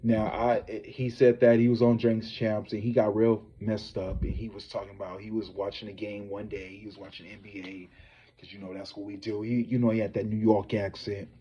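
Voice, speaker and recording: Profane, animated male gossip streamer. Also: lowish voice, moderate pace, muffled recording. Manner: profane, animated, talks straight to viewers. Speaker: psychic tarot reader and gossip host. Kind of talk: casual celebrity gossip livestream.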